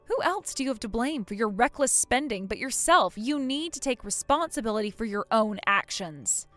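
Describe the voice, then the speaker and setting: A woman's voice: a little high, lively intonation, normal speed, fairly bright tone, dry recording, faint music behind. Woman voicing a stern, unforgiving wife. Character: cold, furious young wife who was assaulted.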